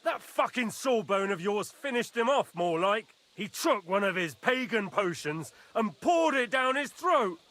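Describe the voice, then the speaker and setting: A man's voice: fairly high pitch, lively intonation, normal speed, sharp tone. An actor playing a hot-tempered noble knight who barks and swears at the people in his camp. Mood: angry. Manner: angry, barking, foul-mouthed. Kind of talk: video game dialogue.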